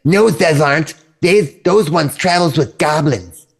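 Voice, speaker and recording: A man's voice: fairly high pitch, measured pace, creaky, voice pushed up. A man voicing a chatty male kobold camp worker who talks in broken grammar. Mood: suspicious.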